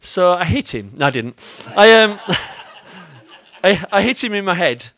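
A man's voice: sits high, sing-song, unhurried, a bit bright. A man with an English accent preaching a sermon as pastor. He tells stories with self-mocking humour and talks directly to his congregation.

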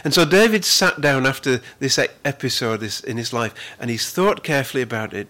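A man preaching a sermon as pastor, earnest, with frequent repeated words, who slows down to stress the scripture he reads. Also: medium pitch, animated, pushed and bright.

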